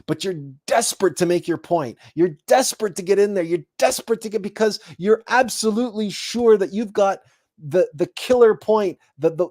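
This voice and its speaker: Animated high-voiced man giving a spiritual talk. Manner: animated storytelling, acting out imagined people in raised voices. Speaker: host.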